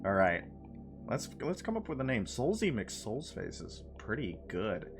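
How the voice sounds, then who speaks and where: A man's voice: medium pitch, huge pitch swings, a little slow, over music. A man live-streaming a game, chatting playfully with his chat, laughing and repeating phrases. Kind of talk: casual live-stream chat while gaming.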